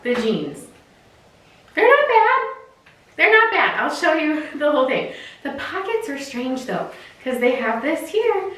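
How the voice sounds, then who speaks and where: A woman's voice: sits high, fairly bright tone, far from the mic. A woman chatting casually and giggling through a clothing try-on haul, with lots of fillers. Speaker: fashion unboxing vlogger. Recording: very echoey room, voice off-mic.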